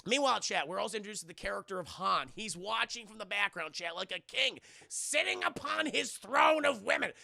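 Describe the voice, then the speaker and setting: A man's voice: high-pitched, expressive, a little fast, vocal fry, few pauses, sharp tone, no room sound, studio quality. A young man casually recapping a film for his live chat, swearing a lot and acting out lines from the scenes. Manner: profane, rambling, acts out quotes. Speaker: streamer reviewing a film.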